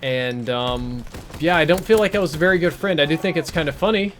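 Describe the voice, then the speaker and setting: A man's voice: on the high side, a little fast, a little hiss or hum. A male game streamer casually telling a rambling, crude, self-mocking story while he plays, on a headset mic.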